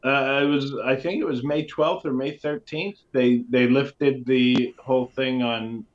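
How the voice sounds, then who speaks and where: Teasing co-host, dull lo-fi sound. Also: male voice, medium pitch, steady tone, unhurried. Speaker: podcast co-host. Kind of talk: casual comedy chat.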